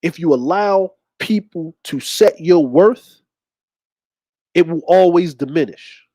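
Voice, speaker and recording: A wise older uncle hands down slow, measured advice about knowing your worth, voiced by a man telling the story. The voice sits fairly high for a man, and the recording is dry and close. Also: dark tone, dry recording. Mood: advising. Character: wise older uncle, a self-employed brick mason.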